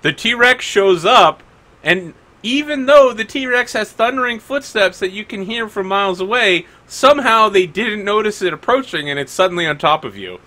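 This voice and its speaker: Chatty male GM, bright, slightly high voice. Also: animated, moderate pace. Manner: rambling, many likes. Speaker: game master. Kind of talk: narrating a tabletop game.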